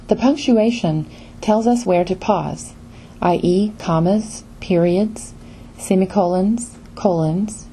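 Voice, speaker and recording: A woman with a lowish, warm voice reads a scripted pronunciation lesson. She speaks in measured phrases with clear pauses between them. A faint hiss sits under the recording. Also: poor audio. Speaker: English pronunciation teacher. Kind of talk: scripted instructional narration.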